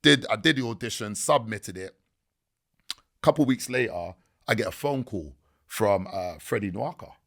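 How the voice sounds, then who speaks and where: A man, a podcast guest telling stories in a lively, slangy way. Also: on the low side, normal speed. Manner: animated storytelling with slang. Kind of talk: casual podcast interview.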